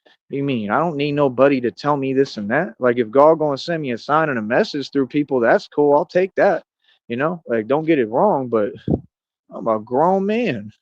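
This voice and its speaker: A man's voice: medium pitch, animated, normal speed, no echo. Man, 30s, streamer, combative bragging rant, dull lo-fi dry audio. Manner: boastful, confrontational ranting. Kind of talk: rambling livestream monologue.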